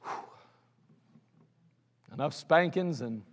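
A man's voice: on the high side, slow pace, slight background noise. A man preaching a sermon as a pastor, blunt and scolding, with mocking asides. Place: church sanctuary. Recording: long hall reverb of a church sanctuary.

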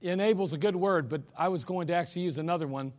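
A man's voice: sits high, fast talker, a little mellow. A male pastor preaching a sermon in a folksy, emphatic way, with chuckling asides, in a church sanctuary. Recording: long hall reverb.

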